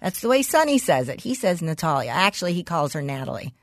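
A woman's voice: lowish voice, big pitch swings, fast talker, no room sound, clean studio sound. A woman with a New Jersey accent co-hosting a podcast in casual chat, laughing often and talking bluntly with some swearing. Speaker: podcast co-host.

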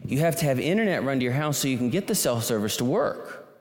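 A man's voice: medium pitch, lively intonation, fast. A man telling a long personal story to a live audience, rambling and self-deprecating, with many restarts. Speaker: speaker. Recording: long hall reverb.

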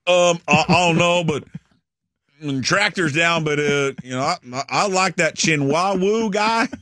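Man doing a southern rural caller, halting, high pitched, dry sound. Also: sharp tone, dry recording. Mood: rambling. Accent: Southern US, put on. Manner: halting, hesitant. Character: rural male caller, rambling, with a southern drawl.

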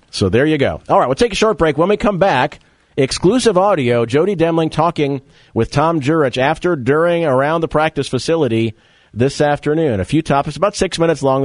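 A man's voice: medium pitch, darkish tone, dry recording. A man hosting a sports talk radio show, chatting casually and jokingly, then reading an ad in the same easy way. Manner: chatty, jokey, spells words out slowly. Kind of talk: casual radio chat and live read ad.

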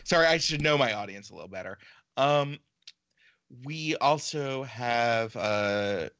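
A man's voice: mid-range voice, lively intonation, unhurried, a bit bright, dry recording, highs cut off. A man hosting a podcast in casual chat, rambling with fillers and laughing often. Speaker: podcast host.

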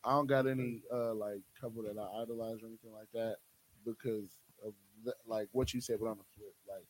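A man's voice: on the low side, steady tone, fairly quick, poor audio. A young man, talking frankly and laid-back on a casual podcast, full of fillers. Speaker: podcast co-host. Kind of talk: casual chat.

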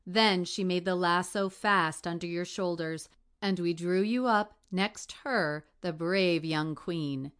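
A woman voicing a devoted, gentle young girl in a storybook reading. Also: lowish voice, slow pace, smooth. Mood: earnest gentle.

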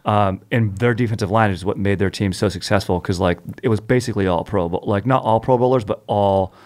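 Chill podcast guy, lowish voice, slangy and easygoing, keeps agreeing. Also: fairly quick, darkish tone. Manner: laid-back, slangy, agreeable. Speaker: podcast host. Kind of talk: casual chat, retelling stories.

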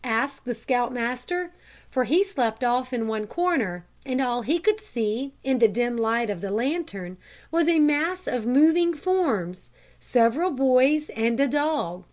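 A woman reading a children's storybook aloud in a calm, measured narration. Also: a little high. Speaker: audiobook reader.

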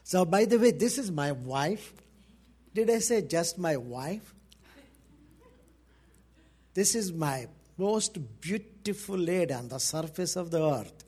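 A man's voice: fairly high pitch, lively intonation, takes it slowly, long pauses, a little mellow, breathy edge. A middle-aged man from India with an Indian accent, a missionary pastor speaking fervently to a church congregation and repeating phrases for emphasis.

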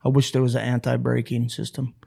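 A man co-hosting a casual hunting chat, telling stories in an animated, self-deprecating way. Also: mid-range voice, quick pace, creaky, slightly rough.

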